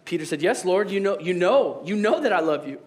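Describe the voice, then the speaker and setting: A man's voice: high-pitched, expressive, brisk. A man voicing Peter, a humble adult male disciple, speaking in a hesitant, earnest way.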